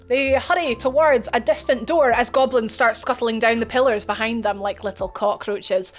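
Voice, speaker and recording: A woman streamer retelling a fantasy story with animated, chatty narration, slangy asides and self-corrections. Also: a little high, a little fast, few pauses, soft background music. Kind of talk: casual dramatic retelling of a story.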